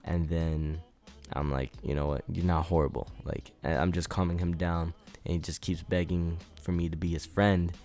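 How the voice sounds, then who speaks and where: A man's voice: low-pitched, little pitch movement, normal speed, a little mellow, faint music behind. A young man vlogging casually, telling a personal story in a laid-back way full of "like" and "man". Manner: laid-back, filler-heavy, repeats "like" and "man".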